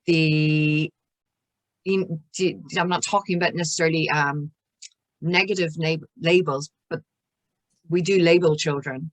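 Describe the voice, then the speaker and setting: A woman's voice: low voice, steady tone, a little slow, dry recording. An Irish woman counsellor explaining child emotions in an interview, acting out little scenes as she goes. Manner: explanatory, acts out little scenes with soothing voices.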